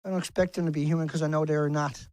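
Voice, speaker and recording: A man's voice: fairly high pitch, fairly even intonation, very fast, darkish tone, dry recording. A man delivering an angry, profane rant to camera as an activist vlogger, repeating phrases for emphasis, outdoors on a beach. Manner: angry, swearing, repetitive and emphatic.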